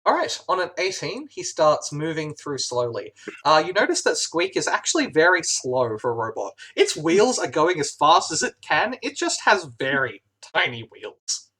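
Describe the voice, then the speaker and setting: Hesitant game master narrating a tabletop game. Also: male voice, a little high, very animated, moderate pace, bright, forceful tone, breathy edge. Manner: hesitant, many "uh" fillers.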